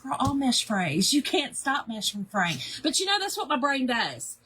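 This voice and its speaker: A woman's voice: high voice, big pitch swings, normal speed, pushed and bright, a little hiss or hum. A woman hosting a casual craft livestream, chatting in a rambling way, greeting viewers by name and poking fun at herself.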